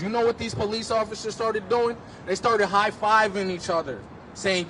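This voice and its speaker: A man giving impassioned personal testimony at an outdoor street rally, telling his story intensely and rising at times to shouts. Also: high-pitched, fairly even intonation, normal speed, slight background noise.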